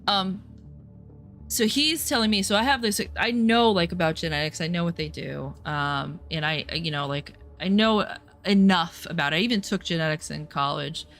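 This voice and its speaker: Young woman streamer, lowish voice, sarcastic, swears freely, faint music behind, casual rant. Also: moderate pace, fairly bright tone. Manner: profane, sarcastic storytelling. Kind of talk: casual chat while gaming.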